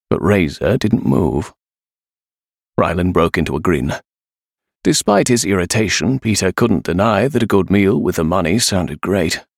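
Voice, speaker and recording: A man narrating an adventure story in an expressive, animated way. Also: low-pitched, creaky, no room sound, studio quality. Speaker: audiobook narrator. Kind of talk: scripted narration.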